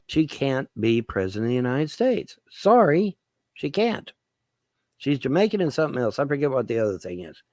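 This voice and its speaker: Sing-song and a touch dark in tone, this man's mid-range voice moves at a moderate pace. As a vlogger delivering a rambling political rant to camera, he curses, repeats points and keeps asking rhetorical questions.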